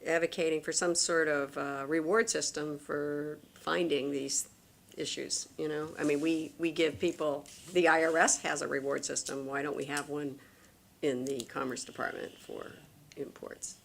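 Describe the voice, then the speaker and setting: A woman who runs a manufacturing company, testifying candidly at a public hearing, talking in halting restarts. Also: low-pitched, steady tone, gravelly, a little hiss or hum.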